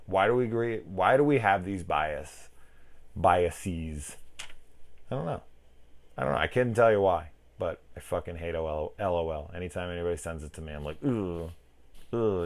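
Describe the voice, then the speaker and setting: Low-voiced man rambling through a movie review. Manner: rambling, profane, self-mocking, mimics people in quotes. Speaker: film reviewer. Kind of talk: casual spoken movie review.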